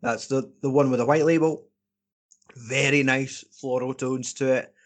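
A man's voice: medium pitch, steady tone, unhurried. A man co-hosting a beer podcast, blunt and sweary in casual banter. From Scotland. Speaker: podcast co-host.

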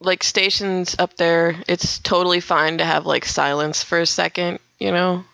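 Giggly chatty woman with a gravelly edge. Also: lowish voice, steady tone, normal speed, fairly bright tone, no echo. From northern Minnesota. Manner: giggly, chatty, acts out radio voices. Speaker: radio DJ and podcast guest. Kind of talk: casual interview chat.

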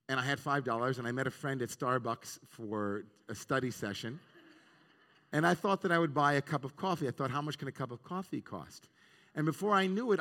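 A man's voice: mid-range voice, fairly bright tone. A man, a rabbi, giving an earnest, reflective sermon on the weekly Torah portion and weaving in Hebrew terms. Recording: long reverb of a large hall.

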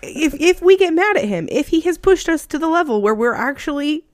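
A woman in her thirties co-hosting a podcast in casual chat, animated and laughing, sometimes stumbling over words. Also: high-pitched, brisk, no echo, studio quality. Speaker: podcast co-host.

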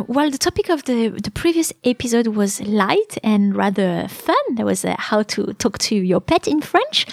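Woman with a bright, higher voice hosting a French lesson podcast; chatty, with uh-fillers; dry close mic. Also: no echo. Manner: chatty and explanatory, with frequent "uh" fillers. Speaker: podcast host and French teacher.

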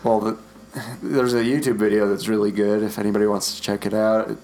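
A man's voice: fairly low pitch, level tone, brisk, darkish tone. A man co-hosting a podcast in casual, rambling chat, joking and laughing often. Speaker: podcast co-host.

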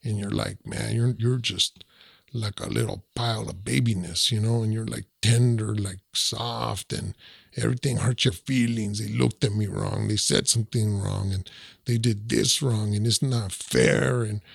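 A streetwise man rants loosely and slangily, scattering words through his talk. His lowish voice is deeply gravelly and husky. The sound is close and dry. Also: fairly even intonation, normal speed, no room sound. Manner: streetwise, drawling, peppers talk with 'man' and 'you know'. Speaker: podcast guest. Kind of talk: casual ranting chat.

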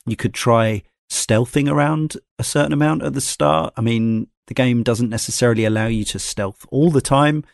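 A man's voice: medium pitch, normal speed, gravelly, few pauses, no room sound, clean studio sound. A man hosting a podcast, talking through a game in a thoughtful, rambling way and passing questions to his co-hosts. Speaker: podcast host. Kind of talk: casual game discussion.

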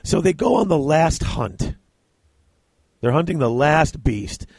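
Man, podcast co-host, excitable book talk with read-aloud bits, dry close sound. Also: fairly high pitch, slow pace, slightly rough, no room sound. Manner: laughs often, enthusiastic, reads excerpts aloud. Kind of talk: casual book discussion with read-aloud passages.

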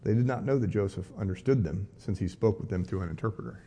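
Male pastor leading a live Bible study. Husky, warm-toned, and conversational, with wry asides between readings. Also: lowish voice, fast talker. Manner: reads scripture aloud, then breaks off for wry, casual asides. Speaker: pastor teaching a Bible class.

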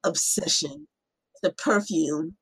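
A woman's voice: low-pitched, animated, slow, fairly bright tone, slightly rough. A woman co-hosting a podcast in casual chat, ranting emphatically and slipping into mock voices. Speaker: podcast co-host.

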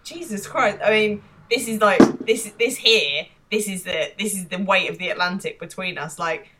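A woman's voice: mid-range voice, moderate pace, few pauses, sharp tone. An English woman in her thirties, co-hosting a podcast with a wry, dry, complaining way of talking. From England. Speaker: podcast co-host. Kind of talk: casual chat.

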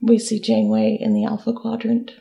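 A woman's voice: fairly high pitch, monotone, a little fast, creaky, dark tone, muffled recording. A woman co-hosting a podcast in casual chat, playful and teasing. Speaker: podcast co-host.

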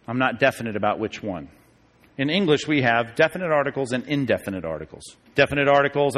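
A man's voice: mid-range voice, animated, quick pace, fairly bright tone. A pastor teaching a Bible study class in a casual, conversational way, often checking in with his listeners with "okay?" and "right?". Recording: long reverb of a large hall.

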